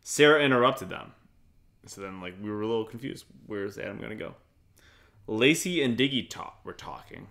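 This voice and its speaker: A man with a lowish voice co-hosts a casual chat podcast. His pitch swings widely as he riffs, sarcastic and quick to swear. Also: gravelly. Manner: animated, sarcastic, swears freely. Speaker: podcast co-host.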